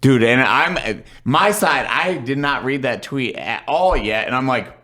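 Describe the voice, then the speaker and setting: A man's voice: mid-range voice, expressive, measured pace, pushed and bright. A man hosting a casual podcast, telling stories animatedly, acting out the voices of others, and swearing freely. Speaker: podcast host.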